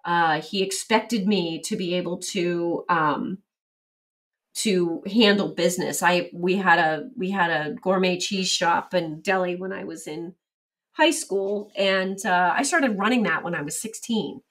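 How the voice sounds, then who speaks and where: Middle-aged woman telling her story in an interview, animated, acts out the back and forth, mic a little far off. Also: fairly low pitch, unhurried. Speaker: interview guest.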